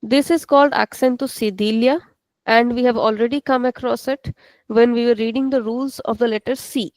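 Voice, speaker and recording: A woman's voice: fairly high pitch, fairly even intonation, moderate pace, darkish tone, no echo. A woman teaching a live online class, patiently explaining and repeating words for her students. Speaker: Portuguese teacher.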